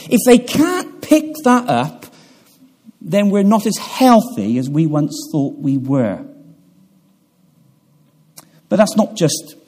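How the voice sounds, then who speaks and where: A man preaches a sermon in a chapel. His voice sits fairly high and swings widely in pitch, and he takes his time, pausing between phrases before building to emphatic peaks. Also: a little mellow. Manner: measured delivery with pauses and fillers, swelling for emphasis.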